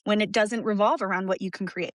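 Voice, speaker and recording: A woman speaking as a podcast guest in an open, emotional way, often restarting her sentences and laughing softly. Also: medium pitch, fairly even intonation, fairly quick, dry recording, clean studio sound. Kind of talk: candid conversational interview.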